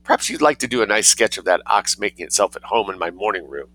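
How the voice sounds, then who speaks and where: A man's voice: on the low side, animated, fast, low-quality recording. A man voicing a prim, indignant lady who scolds sharply in a storybook reading. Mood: outraged. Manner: haughty, sharp-tongued, easily outraged.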